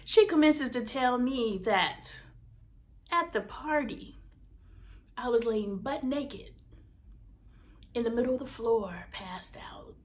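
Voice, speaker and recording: A woman hosting a podcast recounts a painful memory in blunt, profane words. Her voice sits a little high, and she swings between loud emphatic stretches and quiet, breathy near-whispers. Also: expressive, slow, pauses often. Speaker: podcast host. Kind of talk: emotional personal storytelling.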